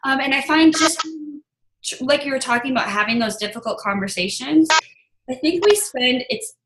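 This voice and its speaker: A woman's voice: high voice, normal speed, roomy sound, rough recording. A woman guest on a video-call interview, telling personal stories openly and animatedly. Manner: open, animated storytelling with laughs. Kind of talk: casual interview chat.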